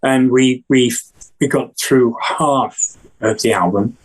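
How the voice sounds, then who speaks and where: An older man from England, a guest musician, telling stories in a rambling way with many restarts and acted-out quotes in a husky voice. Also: mid-range voice, slow pace, poor audio. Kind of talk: casual storytelling interview.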